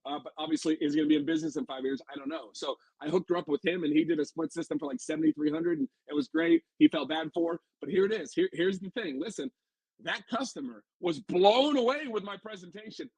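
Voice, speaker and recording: A man from Arizona tells stories on a podcast in a high, husky voice, talking very fast. He is energetic and blunt and swears freely. The sound is dry and close. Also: dry recording, low-quality recording. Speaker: HVAC sales pro, podcast guest. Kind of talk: casual podcast storytelling.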